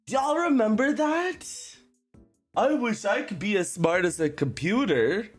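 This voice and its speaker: A woman game streamer talks casually to her viewers, often giggling and exclaiming. Her pitch swings widely while her pace stays unhurried, and soft music plays in the background. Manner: giggly, animated, talks to chat. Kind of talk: casual livestream chat.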